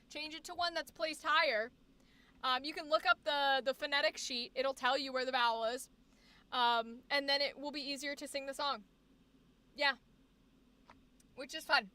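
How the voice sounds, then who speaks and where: On a livestream, a woman streamer chattily explains how singers handle vowels, singing short vowel sounds as examples and reading the chat aloud. She uses many fillers and restarts, and her high, bright voice moves at a moderate pace.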